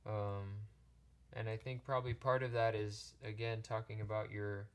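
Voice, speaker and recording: A man giving a pick-a-card tarot reading, talking in a gentle, halting way with many restarts. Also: on the low side, little pitch movement. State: choked up, near tears. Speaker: tarot reader.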